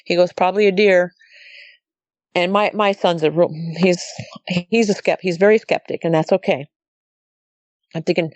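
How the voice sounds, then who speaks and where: A woman's voice: fairly low pitch, steady tone, moderate pace, long pauses, a little mellow, no room sound. Dry, rambling middle-aged woman storyteller. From Montana. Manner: rambling, quotes herself and others. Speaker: guest recounting a sighting. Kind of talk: casual storytelling.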